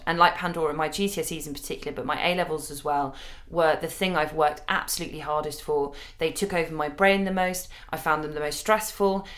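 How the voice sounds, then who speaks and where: A woman's voice: fairly low pitch, fairly bright tone. A woman co-hosting a podcast, talking in a sincere, reassuring way. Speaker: podcast co-host. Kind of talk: casual chat.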